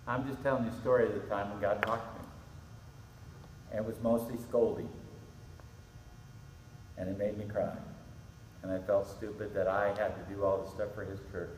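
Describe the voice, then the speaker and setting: Middle-aged male pastor, low voice, animated youth sermon, long reverb hall with faint background hum. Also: moderate pace, pauses often, recorded from a distance. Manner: animated storytelling, acts out quotes. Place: church hall. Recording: echoey hall with faint ambience.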